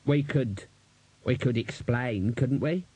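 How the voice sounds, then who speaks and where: A man putting on a nervous, whiny young roadie who hesitates over every word. The voice drags slowly, husky and mellow, in a dry close recording. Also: mid-range voice, no echo. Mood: anxious.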